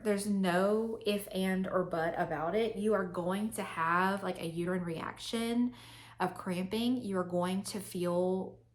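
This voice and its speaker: A woman's voice: mid-range voice, a bit bright. A young woman vlogging to camera, telling a personal story in a chatty, candid way with many fillers.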